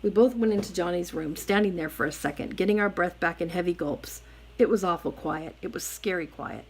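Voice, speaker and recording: A woman reading a novel aloud in a steady, even narration. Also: fairly low pitch, a little fast, slightly rough, poor audio. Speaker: reader.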